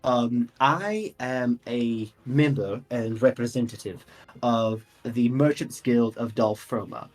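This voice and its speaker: A man voicing a courteous, businesslike woman who represents a merchants guild in a tabletop game, speaking formally with hesitant pauses. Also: mid-range voice, darkish tone, close to an everyday voice.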